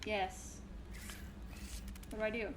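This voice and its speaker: A young woman giving casual let's-play commentary in a chatty, self-mocking way, swinging quickly between giggles and dismay. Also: medium pitch, little pitch movement, background noise. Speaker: gaming YouTuber.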